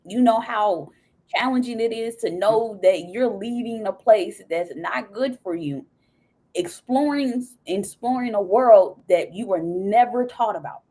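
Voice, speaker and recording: A young woman sharing her personal story as a podcast guest, halting and emotional, near tears. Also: medium pitch, mellow. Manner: halting, emotional, restarts mid-sentence. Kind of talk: personal testimony in conversation.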